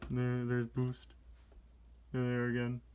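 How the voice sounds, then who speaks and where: A man reviewing a comic book adaptation in a casual, sarcastic, exasperated way, reading captions aloud in quick put-on voices. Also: medium pitch, monotone, darkish tone, a little hiss or hum. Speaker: toy reviewer.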